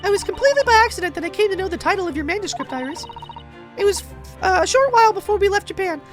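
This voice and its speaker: A man voicing a polite, gentle young woman assistant from a mystery game in a soft, high falsetto. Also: expressive, very fast, soft background music. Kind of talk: reading game dialogue aloud.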